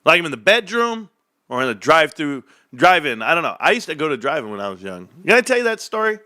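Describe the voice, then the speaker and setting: A man's voice: a little high, sing-song, fast talker, sharp tone, no echo, studio quality. A man in his forties rambling and joking to his viewers in a casual rant. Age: 40s. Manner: rambling, joking, tangent-prone. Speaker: stock market vlogger.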